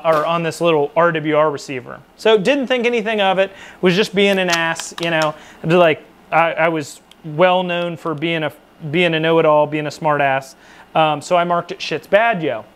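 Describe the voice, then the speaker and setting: High-voiced man telling a profane story. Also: smooth. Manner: profane, rambling, self-mocking. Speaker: military veteran storyteller. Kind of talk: casual storytelling to camera.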